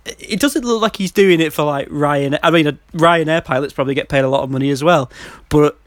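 A man's voice: fairly high pitch, fairly quick, dry recording. Laughing Mancunian man, dry close sound. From Manchester. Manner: laughing, rambling, mocking. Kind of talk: casual film review chat.

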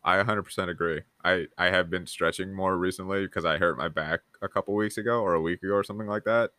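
A man's voice: sits low, steady tone, fast, sharp tone, dry recording. A man hosting a podcast, agreeable and encouraging as he asks open questions. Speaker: podcast host. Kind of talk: casual interviewing.

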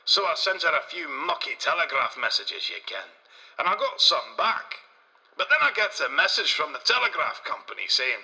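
A man's voice: on the high side, pushed and bright, pitched above the performer's own voice, exaggerated voice. Man doing a vulgar Scottish inventor, bragging, cutting tone, long reverb. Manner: vulgar, swaggering, broad dialect. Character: crude boastful Scottish male inventor.

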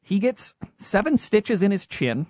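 A young man with a Utah accent, co-hosting a podcast in a casual, joking way with quick asides. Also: sits high, big pitch swings, darkish tone, no room sound, clean studio sound. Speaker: podcast co-host.

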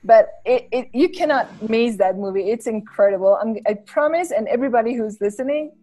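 A woman's voice: fairly high pitch, brisk, dark tone, soft background music. A woman, a podcast guest in casual chat who laughs often and talks in loose, restarting phrases. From Bolivia. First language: Spanish. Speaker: podcast guest, English school founder.

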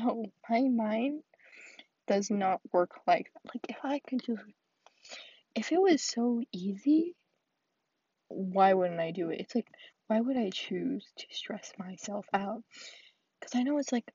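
A teenage girl venting alone on her podcast, rambling and acting out her chats, dropping now and then into soft whispers. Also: medium pitch, measured pace, breathy edge, no echo, lo-fi sound. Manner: rambling, quotes conversations with "I was like". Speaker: podcast host. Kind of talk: solo venting monologue. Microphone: earphones with mic.

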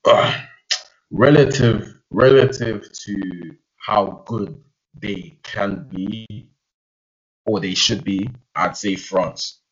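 A man's voice: lowish voice, fairly even intonation, drawn-out words. A young man, chatting casually about football, analytical but slangy. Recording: dull lo-fi audio.

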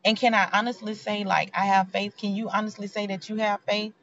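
A woman's voice: mid-range voice, level tone, brisk, a bit bright, slight background noise. A woman, giving a heartfelt, preachy motivational faith talk in a conversational way. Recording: dull lo-fi sound.

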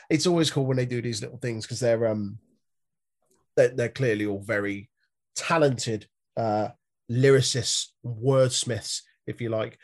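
A man's voice: mid-range voice, unhurried, a little mellow. A man co-hosting a podcast, chatting loosely about wrestling with jokes and swearing. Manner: joking, swears, loose rambling. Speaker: podcast co-host. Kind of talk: casual wrestling recap chat.

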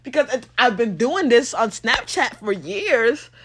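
A high-pitched woman delivers a motivational rant on her own podcast. She is blunt and profane, and she laughs as she talks. Her voice swings widely up and down. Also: sing-song, a little slow, husky. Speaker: podcast host.

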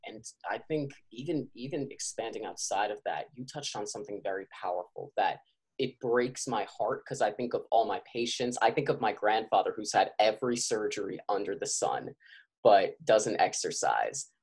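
A man's voice: on the low side, lively intonation, normal speed, darkish tone, slightly rough. A man who works as a physical therapist, speaking urgently and passionately as a guest on a podcast and calling out to his listeners as y'all. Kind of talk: podcast interview.

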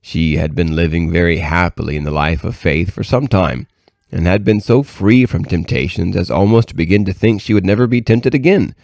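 A man reading aloud from a devotional book in a measured, earnest way. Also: low-pitched, gravelly, a little mellow, dry recording, studio quality. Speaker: reader.

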